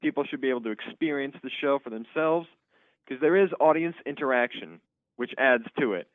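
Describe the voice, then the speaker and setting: A man's voice: medium pitch, expressive, brisk, no echo. A teenage boy talks about his school play over a phone line that sounds thin and tinny. He hesitates and fills gaps with ums, and his voice is dry with no room around it. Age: teens. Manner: hesitant, with fillers. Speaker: student actor guest. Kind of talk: phone interview.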